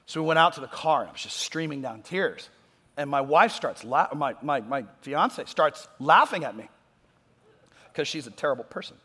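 A man preaching a sermon, talking conversationally and moving between loud emphatic points and quiet asides. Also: fairly high pitch, expressive, normal speed, slight background noise. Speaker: pastor. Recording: long hall reverb.

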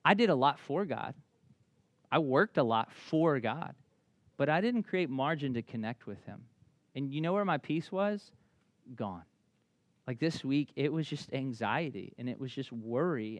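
A man preaching a sermon as a pastor, candid and conversational, often restarting his sentences, slowing and softening for reflective passages. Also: mid-range voice, no echo.

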